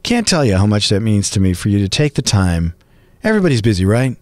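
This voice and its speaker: A middle-aged man hosting a podcast, talking in a chatty, rambling, animated way. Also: on the low side, fast, no room sound. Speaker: podcast host and voice actor. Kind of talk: casual podcast monologue.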